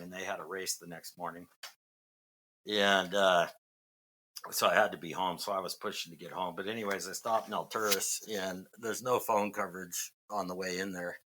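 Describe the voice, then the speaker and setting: A man's voice: sits low, bright, forceful tone, slight background noise. A middle-aged man from Massachusetts, a podcast guest, telling a long story in a rambling way with many fillers and restarts. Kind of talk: casual storytelling.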